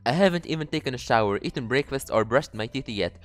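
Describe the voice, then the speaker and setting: A let's player commentates a game fast and expressively while reading it aloud, joking and swearing along the way. His pitch jumps all over the place, and faint music plays underneath.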